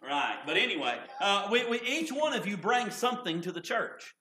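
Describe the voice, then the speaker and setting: A man preaching in a folksy, repetitive style, his voice high and bright. He leans on homespun stories. His voice rings out through an echoey church sanctuary. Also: big pitch swings, normal speed. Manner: folksy, repeats "can I tell you what". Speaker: pastor. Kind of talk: sermon.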